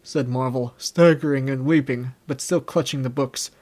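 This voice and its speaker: A man in his twenties reading a classic novel aloud in steady, measured narration. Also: medium pitch. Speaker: audiobook narrator. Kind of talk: scripted narration.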